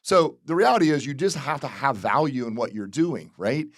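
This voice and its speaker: A man from Florida who works as a real estate broker talks candidly and off the cuff, circling back to the same phrases. His voice sits at an ordinary middle pitch. The recording is close and dry, with no room sound. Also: lively intonation, moderate pace, no room sound. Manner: candid, repeats phrases, frequent restarts. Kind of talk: casual commentary. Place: real estate office video.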